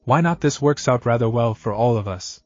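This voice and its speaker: A man's voice: medium pitch, expressive, normal speed, highs cut off, soft background music, close to an everyday voice. A man reading the lines of a brooding, bitter boy ninja in a plain read-aloud manner. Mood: agitated.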